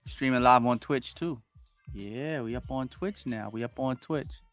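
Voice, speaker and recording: A man's voice: medium pitch, measured pace, faint music behind. A man in his forties hosting a casual livestream, greeting viewers by name and reading their comments aloud with lots of energy. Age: 40s. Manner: animated, reads chat comments aloud, hypes viewers up. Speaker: livestream host. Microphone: home streaming setup with wired connection.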